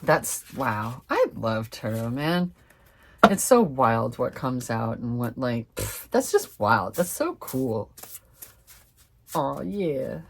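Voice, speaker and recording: A young woman doing a casual tarot reading to camera, chatty and excitable, swearing freely and calling her viewers fam. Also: a bass voice, slow pace, gravelly, slightly rough. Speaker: tarot reader.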